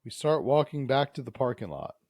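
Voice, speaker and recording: A male podcast host reads a dating game aloud and chats playfully. His pitch is mid-range and very animated. The recording is dry and close. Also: a little fast, dry recording.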